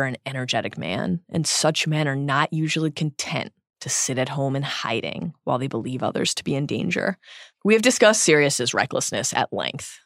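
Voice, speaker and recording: A woman co-hosts a book-discussion podcast, and her voice has a gravelly, fry-edged texture. Her pitch swings widely as she leans into key phrases with reflective, analytical emphasis. The sound is dry and close, with no room around it. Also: no room sound. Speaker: podcast co-host.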